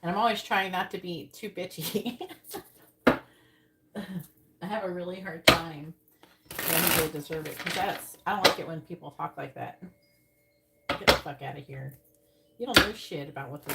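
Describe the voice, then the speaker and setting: Casting: woman tarot reader on a live stream, low voice, blunt and profane, loud noise behind. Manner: blunt, profane, sounds angry. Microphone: earbuds.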